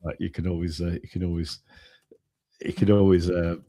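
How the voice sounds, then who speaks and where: Man, low voice, dry close mic, chatty jokey livestream talk. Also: flat delivery, brisk, warm tone, dry recording. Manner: chatty, jokey, laughs often. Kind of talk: casual livestream chat.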